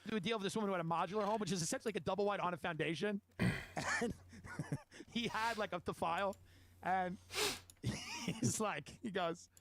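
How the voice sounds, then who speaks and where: Male podcast guest, very high bright voice, quick animated storyteller. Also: slight background noise. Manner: animated, laughs while telling stories. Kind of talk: storytelling in casual chat.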